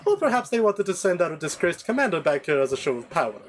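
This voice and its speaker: A man voicing a fussy, pompous male servant who flatters his queen. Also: a little high, fast, a little hiss or hum, pitched above the performer's own voice. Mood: obsequious. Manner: pompous, obsequious.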